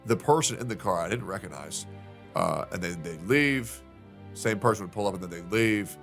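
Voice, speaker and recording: A man telling a personal story to his stream in a casual, unhurried way, with many fillers. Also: sits low, lively intonation, fairly bright tone, soft background music. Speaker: streamer in a played clip.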